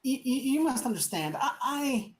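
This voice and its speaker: A high, fluttery male councilman, as a woman game master puts him on, stammering through apologies in a flustered rush. He sounds lively and thin. He is a nervous middle-aged man caught out in a tabletop game. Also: normal speed, poor audio. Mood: flustered apologetic.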